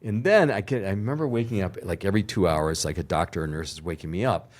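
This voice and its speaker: An older man with a fairly low voice, a guest in an interview. He tells his story with energy and acts out the other people's lines. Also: quick pace, a little mellow. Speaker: TV producer, podcast guest.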